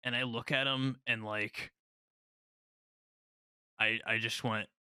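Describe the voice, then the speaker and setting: A man with a bright, crisp voice co-hosts a casual gaming podcast. He tells his stories in an animated way. The sound is close and dry. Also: medium pitch, slow, no room sound. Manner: animated storyteller, laughs through his stories. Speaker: podcast co-host.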